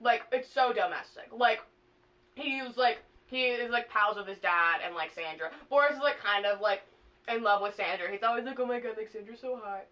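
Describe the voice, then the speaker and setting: A young woman vlogger casually retelling a plot to a friend, animated and full of swearing and fillers. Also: medium pitch, moderate pace, distant mic, muffled recording.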